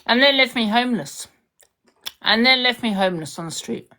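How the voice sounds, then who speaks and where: A woman's voice: fairly high pitch, lively intonation, normal speed, pushed and bright. A young woman in a heated, confrontational social media rant, repeating herself for emphasis.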